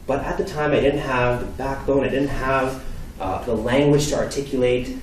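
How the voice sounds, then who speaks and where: A young man from Canada giving a storytelling talk, acting out dialogue with lively delivery. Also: mid-range voice, moderate pace, a little hiss or hum. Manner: animated, acts out dialogue. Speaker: speaker. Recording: echoey hall from far off.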